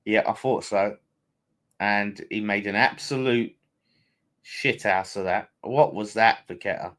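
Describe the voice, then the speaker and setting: Excitable man reacting to football. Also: lowish voice, measured pace. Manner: excitable, swearing, banter with viewers. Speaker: fan channel host. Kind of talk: live match watchalong commentary.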